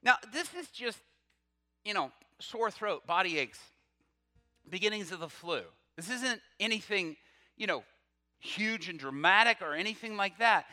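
A man preaching a sermon, telling a story with quoted dialogue and swinging from loud to hushed. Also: sits high, animated, a little slow, big-room sound, soft background music.

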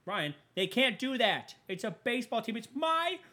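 A man's voice: extremely high pitch, very animated, moderate pace, pushed and bright, pitched above the performer's own voice, full character voice. A man puts on a grown baseball fan who is coming apart, his voice leaping far above its normal register into a thin, strained whine. He stammers and catches on his words, close to tears. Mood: whining, tearful. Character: whiny adult male baseball fan near tears.

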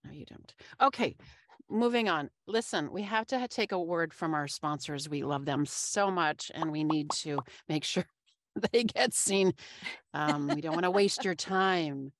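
A woman's voice: sits low, unhurried, no echo, studio quality. Playful, teasing woman podcast co-host. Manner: playful, teasing, laughs often. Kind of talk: casual chat.

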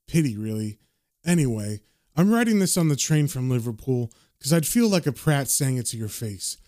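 A man voicing a dying, cynical male occult con man in a low, subdued, world-weary tone. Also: sing-song, normal speed, warm tone, dry recording, studio quality, natural voice. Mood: rueful.

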